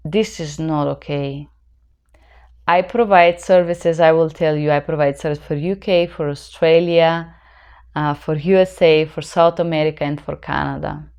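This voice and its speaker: A woman's voice: deep voice, steady tone, moderate pace, darkish tone, smooth. A woman interpreter with a non-native accent in English, giving earnest, emphatic advice to her viewers. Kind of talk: advice vlog.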